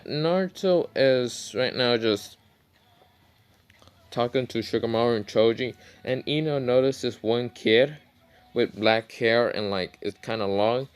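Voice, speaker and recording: A man's voice: mid-range voice, smooth. A man casually retelling his own fan-fiction story, rambling with many fillers and side remarks.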